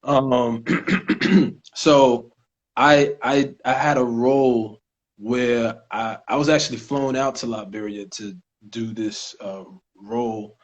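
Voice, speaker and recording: A man's voice: mid-range voice, fairly even intonation. A man with a New York accent, an actor and co-host, chatting casually on a podcast with frequent restarts and easy laughter. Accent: New York (Staten Island). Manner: halting, restarts a lot, laughs easily. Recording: dull lo-fi recording.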